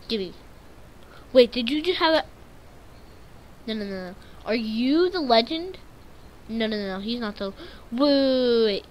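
A woman's voice: a little high, animated, unhurried, pauses often. A woman giving live gameplay commentary, jittery and easily frightened, repeating words in nervous strings and breaking into sudden shrieks. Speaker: gaming channel host.

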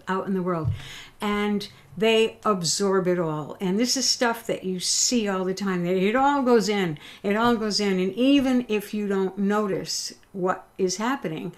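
A woman teaching a young children's music class, playful, singing with a banjo and making animal sounds. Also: medium pitch.

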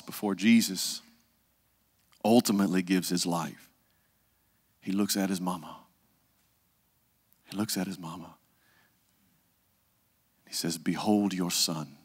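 A male pastor, preaching a conversational sermon and dropping to a hush for the solemn parts. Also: deep voice, husky, long reverb tail. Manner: conversational preaching, acts out quoted voices, drops to hushed tones.

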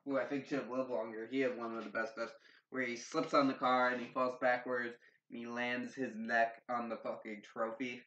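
A young man talks through a movie review in a loose, excitable way, swearing freely and laughing at his own points. He sits back from a dull-sounding mic in an echoey room, with a faint hiss behind him. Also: mid-range voice. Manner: excitable, profane, laughing asides. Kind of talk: casual spoiler review. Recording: roomy, dull, distant mic with faint noise.

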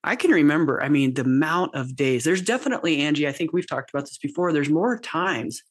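A coach in her fifties appears as a podcast guest, chatting casually in a rambling, self-deprecating way and restarting often. Her voice sits low, with lively intonation and a brisk pace.

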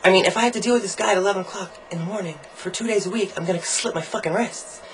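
A young man recording a casual video diary, ranting about college in a campy, sarcastic and profane way, swinging his pitch and volume up and down as he jokes. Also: rapid-fire, slight background noise, rough recording. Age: young adult. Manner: sarcastic, jokey asides. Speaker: college student vlogger.

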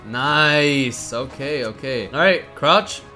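A young man running a game for his viewers, his bright voice swinging high and low as he calls out orders. He laughs easily, then goes quiet and low for the commands. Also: expressive, slow, faint music behind. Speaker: gaming channel host running a game. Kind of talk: energetic game-show hosting over voice chat.

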